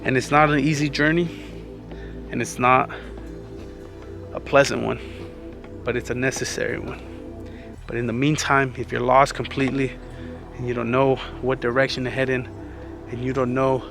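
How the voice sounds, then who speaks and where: A man talks through life advice in a relaxed, earnest vlog manner, slightly winded. His voice has a gravelly edge at an ordinary pitch. Clear music plays under him throughout. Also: moderate pace. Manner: earnest, conversational, says "man" often. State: slightly out of breath. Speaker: vlogger. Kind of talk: casual motivational talk.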